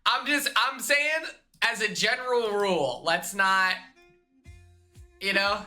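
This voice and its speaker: Laid-back slangy young man, very bright voice. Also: sits high, slow, soft background music. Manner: laid-back and slangy, talks to chat with laughs and trailing restarts. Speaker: streamer. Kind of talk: casual live-stream chat.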